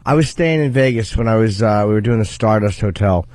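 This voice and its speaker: A man telling a relaxed, rambling story as a comedian guest on a radio show. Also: lowish voice, fairly quick, dry recording. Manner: relaxed anecdotal storytelling with fillers. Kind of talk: casual radio chat, storytelling. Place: radio studio. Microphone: studio microphone.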